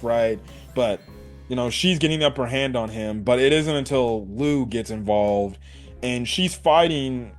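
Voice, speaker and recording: A young man reviewing an anime episode in casual chat. He swears freely, laughs often, and acts out quotes from the characters. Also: mid-range voice. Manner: loose and profane, with frequent laughs and acted-out quotes.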